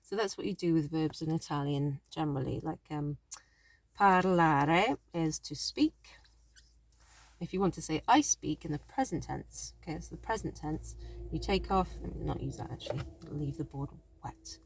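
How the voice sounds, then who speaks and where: A woman's voice: low voice, fairly quick, gravelly, a little mellow, husky, no echo. A woman teaching a language lesson in a chatty, thinking-aloud way, often correcting herself as she explains. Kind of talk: casual spoken lesson.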